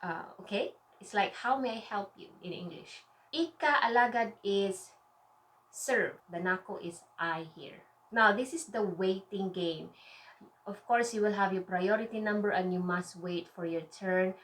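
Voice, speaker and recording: A woman teaching a language lesson, drawing out example words slowly and checking in with a frequent "okay?". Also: mid-range voice, a bit bright. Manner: slow, drawn-out enunciation of example words.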